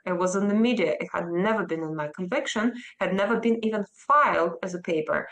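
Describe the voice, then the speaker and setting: A woman's voice: on the low side, brisk, hardly any pauses, fairly bright tone, low-quality recording. A woman from Russia, a native Russian speaker with a Russian accent, answering a news interviewer in an earnest, emphatic and defiant way. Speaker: interview guest.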